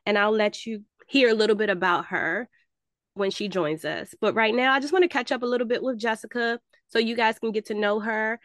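A woman's voice: medium pitch, no room sound, studio quality. Stuffy-nosed woman podcast host. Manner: chatty, addresses listeners as y'all. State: stuffy nose. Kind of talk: casual podcast chat.

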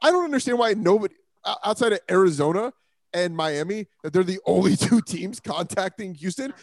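A man's voice: high-pitched, expressive, brisk, no room sound. A man hosting a casual sports talk show, joking and laughing often.

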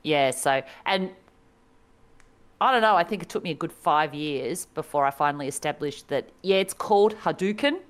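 A woman co-hosts a casual video game podcast, chatting wryly and laughing often. Her low-pitched voice is expressive, and she talks at a moderate pace.

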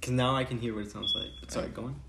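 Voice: mid-range voice, fairly even intonation, racing, gravelly, echoey room, a crowd in the background. A young co-host chatting casually, mostly reacting with short comments. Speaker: podcast co-host. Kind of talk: casual chat.

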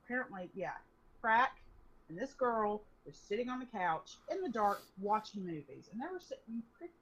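A young woman casually telling an animated story to a friend, swearing freely. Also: medium pitch, normal speed, breathy edge. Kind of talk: casual chat. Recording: dull lo-fi recording.

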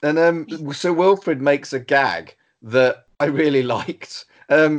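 A man's voice: on the high side, slow. A man co-hosting a casual film chat, thoughtful and dry, with hesitant restarts. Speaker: podcast co-host.

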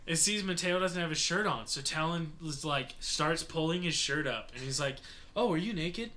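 A young man casually telling a story to friends, animated and swearing freely, dropping into lower voices to mimic the people in it. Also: moderate pace.

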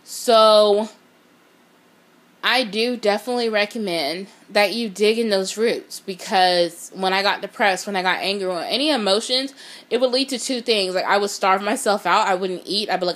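A woman's voice: mid-range voice, moderate pace, fairly bright tone. A woman giving a blunt, profane motivational talk, speaking straight to her viewers. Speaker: motivational vlogger.

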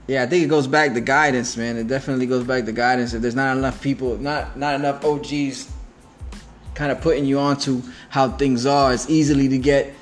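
Soft music plays in the background as a man with a steady, medium-pitched voice talks fairly quickly. He hosts a casual podcast chat, speaking through a mouthful of food in a laid-back, slangy style packed with fillers.

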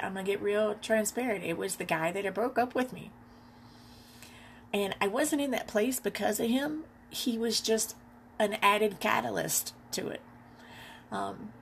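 Gravelly-voiced woman telling her story. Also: medium pitch, slight background noise. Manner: candid, reflective, unhurried with pauses. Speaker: podcast host. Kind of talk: personal storytelling monologue.

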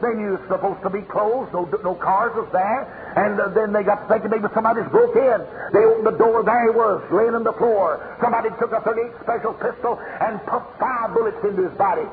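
A male evangelist from Tennessee with a Southern accent, preaching a revival sermon as a storyteller whose voice rises to shouts. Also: sits high, brisk, hardly any pauses. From Tennessee, USA. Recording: muffled phone-like old tape in a reverberant hall, faint hiss.

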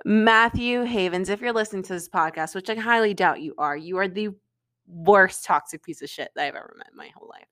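A woman's voice: mid-range voice, fairly quick, fairly bright tone. A young woman from Florida, co-hosting a podcast, telling a breakup story in casual chat with lots of filler words and swearing. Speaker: podcast co-host.

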